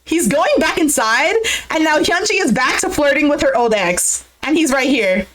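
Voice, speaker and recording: Animated high-pitched young woman recapping. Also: moderate pace, low-quality recording. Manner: animated, exclamatory, laughs often. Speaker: recap streamer. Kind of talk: casual reaction recap.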